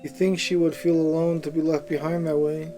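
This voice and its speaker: A man reading a story aloud in a measured way, stumbling now and then over a word. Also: a little high, little pitch movement, over music, rough recording. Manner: measured reading with small slips and asides.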